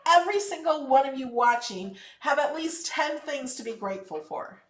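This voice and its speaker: A woman's voice: high-pitched, lively intonation, moderate pace, echoey room, recorded from a distance. A woman hosting a casual live craft tutorial, chatty and upbeat, encouraging and emphatic when giving advice. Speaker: craft channel host.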